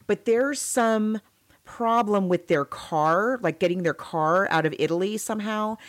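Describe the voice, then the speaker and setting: A woman's voice: mid-range voice, measured pace. A woman in casual conversation, retelling a story and acting out lines in playful quoted voices. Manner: chatty, retells plot with mock quoted voices. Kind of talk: casual book discussion.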